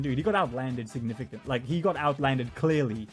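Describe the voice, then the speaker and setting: A young man venting in a heated, profane casual rant, his loudness swinging from mutters to shouts. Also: medium pitch, steady tone, fairly quick, faint music behind. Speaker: vlogger.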